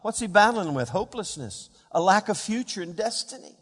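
A man preaching a sermon as a pastor, swinging between hushed, quiet passages and louder emphatic ones. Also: sits high, sing-song, brisk, slightly rough, long reverb tail. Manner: dynamic preaching, dropping to hushed tones and rising for emphasis.

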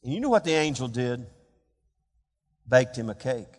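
A man preaching a sermon as a pastor, swinging between hushed, quiet passages and louder emphatic ones. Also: mid-range voice, sing-song, normal speed, in a large hall. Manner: dynamic preaching, dropping to hushed tones and rising for emphasis.

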